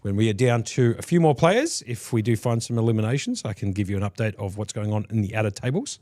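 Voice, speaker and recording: A man's voice: on the low side, expressive, fast, darkish tone, dry recording. A man calling a live poker tournament from a commentary booth, chatty and jokey.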